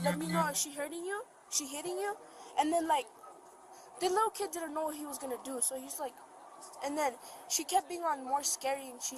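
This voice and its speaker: A young woman recounts events to police in a rambling way, with lots of fillers. Her voice sits fairly high, and clear bodycam noise runs underneath. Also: darkish tone. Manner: rambling, filler-heavy retelling. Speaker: witness, younger sister. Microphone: police body camera. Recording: noisy bodycam audio.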